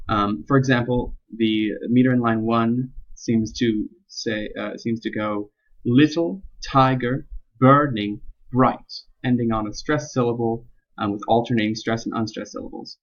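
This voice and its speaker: A young man presenting a spoken analysis of a poem, halting and full of ums and restarts. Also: mid-range voice. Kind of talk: unscripted spoken explication. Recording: dull lo-fi recording.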